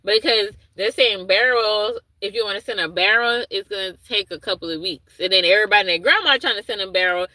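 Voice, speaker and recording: A woman's voice: medium pitch, brisk, hardly any pauses, pushed and bright, no echo, low-quality recording. A woman chatting casually on a livestream, rambling and losing her thread as she answers viewers' comments. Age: adult with a young son. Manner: reads and answers chat comments aloud. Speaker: livestream host.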